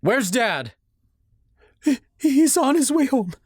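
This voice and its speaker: A man's voice: very high voice, big pitch swings, takes it slowly, dry recording, studio quality, pitched above the performer's own voice, heavily acted. A man voicing a distraught middle-aged mother with a shaky, sobbing voice in an audiobook.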